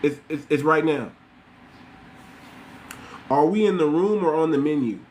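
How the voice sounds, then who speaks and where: A man delivers blunt, repetitive podcast commentary, talking straight at his listeners. His voice sits a little high for a man. A faint hiss of ambience runs under the recording. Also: a little slow, darkish tone. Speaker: podcast host. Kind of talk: casual commentary monologue.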